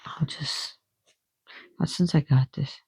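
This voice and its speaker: A woman explaining spiritual lore in casual talk, excitable and giggly, jumping between soft whispers and loud bursts. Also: low-pitched, slow, gravelly, slightly rough, no room sound.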